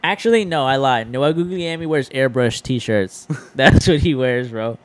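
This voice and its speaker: A man's voice: mid-range voice, measured pace. A man co-hosting a podcast in casual chat, teasing his friends with slangy, joking banter. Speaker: podcast co-host.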